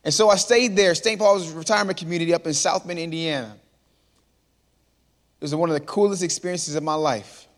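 Man in his thirties, animated speaker working a crowd, fairly high voice, long hall echo. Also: fairly quick. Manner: lively storyteller, calls out to the crowd. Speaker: motivational speaker. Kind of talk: storytelling talk to a live audience. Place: large hall before an audience.

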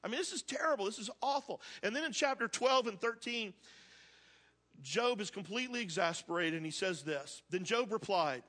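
A pastor preaching a conversational sermon, reading scripture aloud and asking the congregation questions. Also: male voice, extremely high pitch, lively intonation, moderate pace, a bit bright.

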